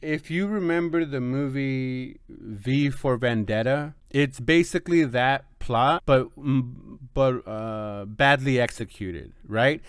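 A man talking through a movie review in a loose, rambling way, stopping and restarting often. His voice is smooth and crisp, at a middle pitch. The sound is dry and close. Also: slow pace, no room sound. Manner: rambling, full of fillers and restarts. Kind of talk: casual spoken review.

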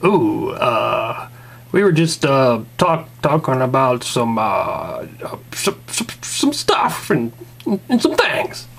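A man's voice: mid-range voice, very animated, slow, vocal fry, fairly bright tone, husky, heavily acted. A man voicing a flustered, stammering man in a toy skit. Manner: stammering, mumbling.

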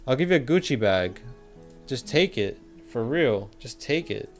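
A man's voice: medium pitch, very animated, measured pace, faint music behind. A young man casually chatting on a livestream, joking, using slang and reading chat messages aloud.

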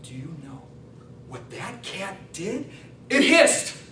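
A man giving a humorous contest speech, telling a story with deadpan punchlines. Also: sits high, slow, heavy background noise. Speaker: contest speaker. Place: hall on stage before a laughing audience. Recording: echoey hall, mic at a distance.

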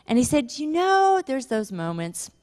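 Woman pastor, fairly high voice, lively storytelling sermon, church hall reverb. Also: a little slow. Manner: animated storytelling, laughing at her own stories.

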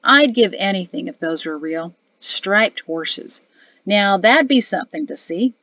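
A woman's voice: medium pitch, animated, unhurried, pushed and bright, dry recording, highs cut off. A woman reading an audiobook, voicing a grumbling middle-aged army officer father with a sulky, sardonic manner.

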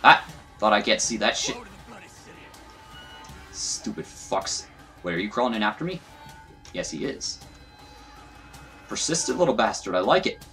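A man's voice: lowish voice, very animated, fairly quick, pauses often, sharp tone, soft background music. A young man giving casual, profane, self-mocking commentary while playing a video game. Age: young adult. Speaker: gaming YouTuber. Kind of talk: let's play commentary.

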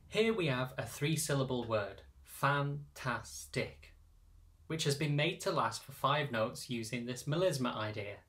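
A man who teaches choir singers, calmly explaining step by step how to read lyrics in sheet music. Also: medium pitch, measured pace. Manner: patient, methodical explaining. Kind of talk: instructional narration.

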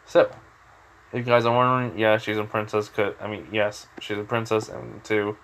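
A man's voice: on the low side, flat delivery, normal speed, a bit bright, a little hiss or hum. A young man casually retelling a fan story with lots of fillers, like and you know.

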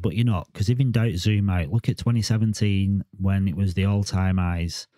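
A man in his forties rambles through a casual vlog monologue, stumbling over repeated words. His voice sits fairly low, with a warm, mellow tone. The sound is close and dry. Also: moderate pace, dry recording. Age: 40s. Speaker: crypto vlogger.

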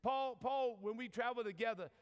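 With a New Orleans accent, a priest from that city, USA, jokes his way through a folksy sermon-style talk for a large audience, using plenty of "y'all." He talks at normal speed in an extremely high, clean voice, and the big convention hall produces long reverb.

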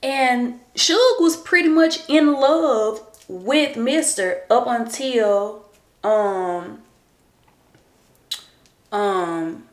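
A woman in her thirties chatting casually to camera at home as a vlogger, rambling and chatty and sometimes dropping into hushed asides. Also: fairly high pitch, extremely slow. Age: 30s. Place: at home getting ready. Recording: roomy echo.

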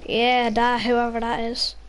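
A woman's voice: fairly high pitch, completely flat delivery, a little slow, clear, resonant tone. A woman in casual voice chat during an online game, complaining about problems with the game. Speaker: gamer.

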